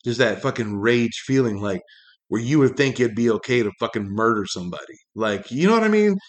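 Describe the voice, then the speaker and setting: Male talk host, average pitch, ranting and swearing freely, rambling with constant fillers. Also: animated, fairly quick. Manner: rambling, heavy swearing, many fillers, pitch jumps when angry. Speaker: podcast host. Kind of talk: profane ranting monologue.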